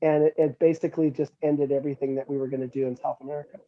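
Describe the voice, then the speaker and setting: A middle-aged metal musician speaks very fast with a fairly high pitch, heard in phone-quality sound. Appearing as an interview guest, he tells casual stories and animatedly imitates others, raising his voice for the quotes.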